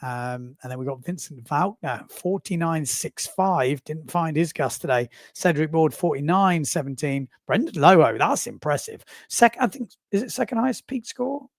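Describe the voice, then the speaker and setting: A man in his forties hosts a live watch-along, talking in a loose, rambling and self-amused way. His voice sits a little high with a gravelly edge. The sound is dry and close, with no room around it. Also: animated, moderate pace, few pauses, dry recording. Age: 40s. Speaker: livestream host. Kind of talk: casual live commentary.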